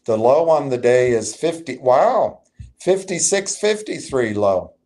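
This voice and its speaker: A man's voice: mid-range voice, lively intonation, measured pace, mellow. A man hosting a live stream, giving emphatic, agitated stock market commentary and answering chat. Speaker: livestream host.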